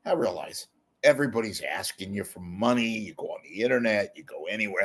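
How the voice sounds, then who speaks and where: A low, gravelly man rambles through a casual show, pleading for donations and reading comments aloud. His pitch jumps about, and he kvetches and mocks himself as he goes. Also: lively intonation, brisk, a bit bright. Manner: rambling, kvetching and self-mocking; reads viewer comments aloud. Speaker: show host. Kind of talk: casual monologue with a donation appeal.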